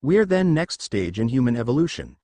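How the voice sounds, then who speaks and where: A man's voice: mid-range voice, very animated, fairly quick, dark tone, no echo. A man voicing a proud, lecturing mutant leader in a story reading. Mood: haughty.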